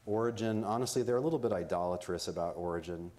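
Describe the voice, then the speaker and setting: A man with a low, deep voice lecturing at a conference. He keeps things informal and chatty, breaking up his explanations with jokes and quick asides. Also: dark tone. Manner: conversational, joking, explains in plain terms. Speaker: conference speaker. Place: conference venue.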